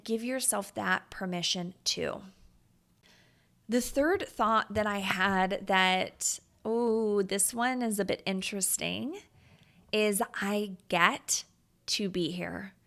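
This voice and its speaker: A woman's voice: mid-range voice, slow pace, vocal fry, fairly bright tone. A woman in her thirties hosting a motivational podcast, talking to listeners in an earnest, confiding way that turns emotional. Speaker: podcast host.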